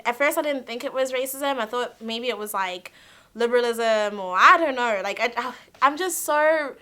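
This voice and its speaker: A young woman telling a personal story to camera, animated, blunt and emphatic, swearing at times. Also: on the high side, normal speed. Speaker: vlogger.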